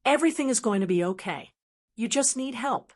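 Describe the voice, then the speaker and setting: A woman's voice: fairly high pitch, expressive, brisk. A woman reading the lines of a manipulative adult son who speaks in a cooing, condescending way. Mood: soothing.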